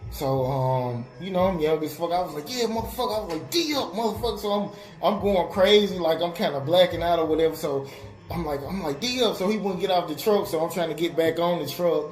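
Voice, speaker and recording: A man's voice: a little high, a little fast, a little mellow. A young man casually telling a story on a web radio show, full of fillers and acted-out quotes. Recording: roomy with faint music behind.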